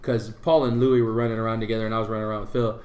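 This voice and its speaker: A man's voice: on the low side, level tone, very fast, a little mellow, echoey room. A man co-hosting a podcast, telling a story in casual chat and acting out the voices of the people in it. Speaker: podcast co-host.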